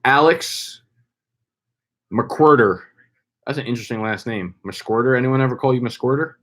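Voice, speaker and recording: A young man hosting a casual live stream, loud and playful, hyping up names with slang and swearing. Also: medium pitch, a little slow. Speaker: fantasy football streamer.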